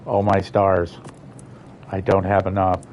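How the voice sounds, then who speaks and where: A man's voice: low-pitched, monotone, slow, a little mellow, lo-fi sound, slight background noise. A man streaming a building game live, muttering his frustration at it and swearing often. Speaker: livestreamer. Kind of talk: live gameplay commentary.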